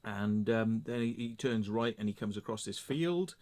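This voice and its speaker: A middle-aged English man telling a story in a sweary, sarcastic, animated rant to camera. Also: fairly low pitch, moderate pace. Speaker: vlogger. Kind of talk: casual ranting monologue.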